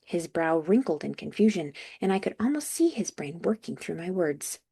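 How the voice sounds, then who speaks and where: A woman's voice: on the low side, big pitch swings, moderate pace, creaky, dark tone, husky. A young woman reading a first-person audiobook with dry, wry asides. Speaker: audiobook narrator.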